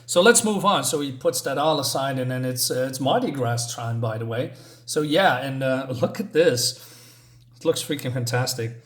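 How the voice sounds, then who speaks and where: A man's voice: medium pitch, moderate pace, a bit bright. A man casually summing up a comic book story, rambling and hesitant with frequent fillers and chuckles. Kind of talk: casual comic review talk.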